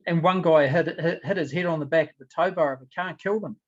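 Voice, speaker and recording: A man's voice: fairly high pitch, fast, muffled recording. Plain-spoken New Zealand man. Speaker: interview guest, martial arts teacher. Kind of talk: casual conversation.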